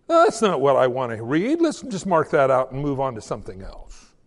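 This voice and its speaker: A man preaching a sermon as pastor, telling a story and reading scripture, with sudden swings in pitch and loudness. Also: sing-song, brisk. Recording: long hall reverb.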